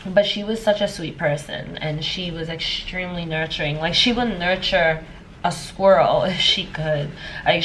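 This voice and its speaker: A woman's voice: lowish voice, fairly bright tone, slight background noise, poor audio. A woman in her thirties, a life coach, telling a personal story in a casual vlog, emotional and rambling with many fillers. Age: 30s. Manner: emotional, tearful at times.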